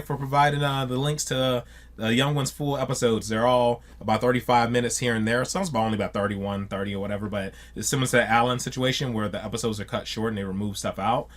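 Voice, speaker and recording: A man with a fairly low voice chats casually to his viewers as a reaction host. He rambles, stumbles over repeated words and keeps saying "man". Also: a bit bright.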